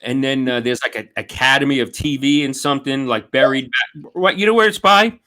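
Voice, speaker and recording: Brisk and sharp-toned, this mid-range New York voice belongs to a comedian telling a story over a video call. He gets lively with it, swearing and doing impressions of whoever he's quoting in the relaxed conversation.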